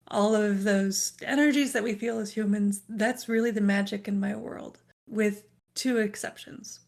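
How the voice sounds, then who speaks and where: A woman author, a guest on a podcast, talking relaxed and at length in casual chat. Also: on the high side, gravelly.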